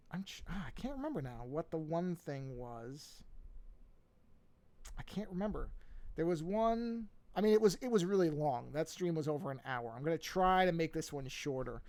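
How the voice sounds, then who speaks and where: Man, fairly high voice, rambling livestream art lesson, desk mic. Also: darkish tone. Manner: rambling, restarts and trails off, thinks aloud. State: yawning, a bit sleepy. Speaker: art teacher streaming a drawing lesson. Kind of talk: casual drawing livestream.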